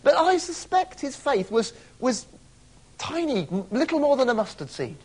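A man's voice: very high voice, big pitch swings, normal speed, a little mellow. A man preaching a sermon, emphatic, asking rhetorical questions and stretching key words for weight.

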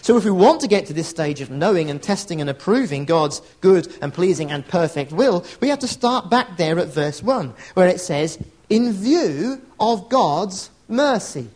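A man's voice: on the high side, expressive, moderate pace, hardly any pauses, darkish tone. A middle-aged man preaching a sermon, earnest and conversational, with storytelling asides. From England.

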